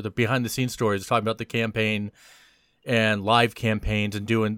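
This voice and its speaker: A man who tests games, explaining in a casual gaming discussion with stammers and rushed run-on sentences. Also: mid-range voice, no room sound, studio quality. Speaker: podcast panelist, game tester.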